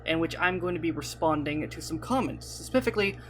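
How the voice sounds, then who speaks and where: Over background music, a young YouTuber vlogs casually to camera from his computer desk, rambling, apologizing and using plenty of fillers. His voice is a little high with lively intonation and a slightly quick pace, picked up by a desk mic at his webcam setup.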